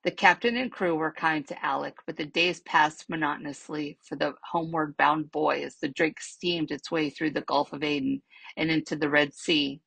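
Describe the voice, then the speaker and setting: A woman reads a children's novel aloud at a steady, measured pace, letting line endings trail softly. Her voice is low and gravelly with a husky edge. The sound is dry and close. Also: no echo, rough recording. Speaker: library storyteller.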